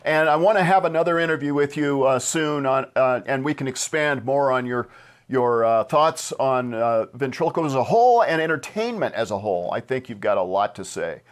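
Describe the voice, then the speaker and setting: A man hosting a casual interview over a video call, enthusiastic and encouraging with many quick affirmations. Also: medium pitch, animated, smooth. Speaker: interview host.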